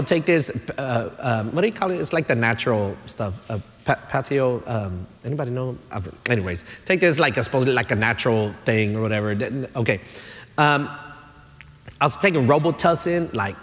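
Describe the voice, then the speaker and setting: Pastor preaching in a reverberant church. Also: male voice, mid-range voice, brisk. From Texas, USA. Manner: conversational storytelling, builds to emphatic. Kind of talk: sermon. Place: church sanctuary. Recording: long church-hall reverb.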